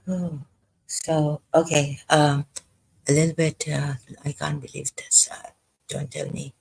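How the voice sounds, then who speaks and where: A frightened vlogger, telling a personal story in a hesitant, halting way full of pauses and false starts. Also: medium pitch, flat delivery, gravelly, husky, poor audio. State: frightened, unsettled. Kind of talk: personal confessional monologue.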